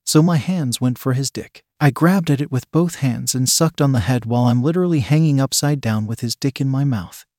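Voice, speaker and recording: A man reading a first-person story in a steady scripted narration. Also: mid-range voice, a little fast, hardly any pauses, no echo, clean studio sound. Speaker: story reader.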